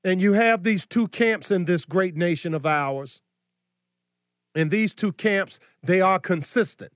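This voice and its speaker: A middle-aged man delivers political commentary like a sermon, scolding and combative, leaning on pointed rhetorical questions. His voice sits a little high for a man. The recording is dry, with no room sound. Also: unhurried, no echo.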